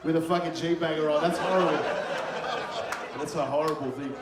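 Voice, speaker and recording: A man's voice: on the high side, steady tone, a little slow, long pauses. A man in his thirties doing crude, rambling stand-up comedy as the host, swearing freely. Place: comedy club stage before a live crowd. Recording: echoey club with crowd noise.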